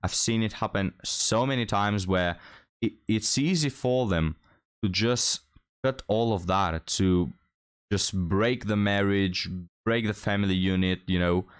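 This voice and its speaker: A man's voice: fairly low pitch, a little slow, clean tone. A man giving casual commentary on a clip, rambling and repeating himself as he talks to his viewers. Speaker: reaction commentator.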